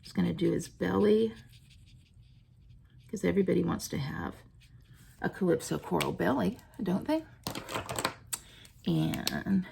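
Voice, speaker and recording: Chatty woman with a gravelly edge. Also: on the low side, measured pace, pauses often, background noise. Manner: chatty and excitable, cooing over her work. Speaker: stamping crafter demonstrating a card. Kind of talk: casual craft tutorial.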